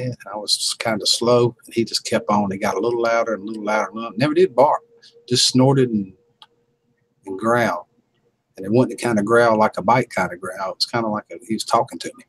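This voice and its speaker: A man's voice: on the low side, fairly quick, a little hiss or hum, rough recording. A man hosting a casual livestream, chuckling and telling laid-back stories to viewers. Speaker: livestream host.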